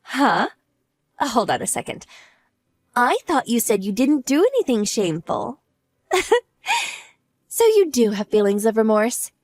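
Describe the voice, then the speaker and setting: A woman plays a wronged wife in an audio drama, cool and mocking. Her fairly high voice moves with lively, sarcastic turns. The sound is dry and close. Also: no room sound. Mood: smug. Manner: smug, sarcastic, unhurried.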